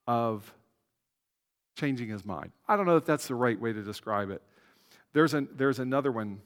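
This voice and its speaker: Male pastor preaching in a reverberant hall. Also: mid-range voice. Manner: conversational, with asides and self-corrections. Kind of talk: sermon.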